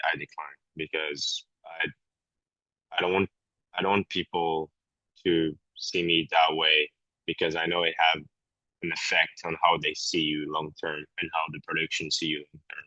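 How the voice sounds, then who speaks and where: A very low-pitched man with a French accent talks candidly in a relaxed podcast chat, often hunting for his English words. The audio is a little dull and lo-fi, with a dry, close sound and no room echo. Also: unhurried, long pauses. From France. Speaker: guest actor. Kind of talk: casual podcast conversation.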